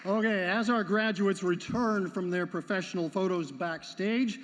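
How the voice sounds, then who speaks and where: A man's voice: sits high, normal speed. A man emceeing a graduation ceremony, making announcements with light, joking asides. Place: large hall. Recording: long hall reverb with faint noise.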